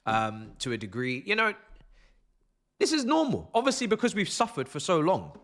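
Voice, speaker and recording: A man hosting a live football watch-along, theatrical and exasperated, swearing freely and lurching from low muttering to shouted outbursts and laughter. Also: huge pitch swings, normal speed. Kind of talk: live fan reaction stream.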